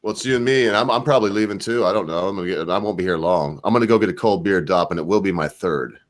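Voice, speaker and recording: A man's voice: deep voice, fast. A man hosting a casual voice-call chat from home, rambling and swearing freely in laid-back banter. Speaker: host.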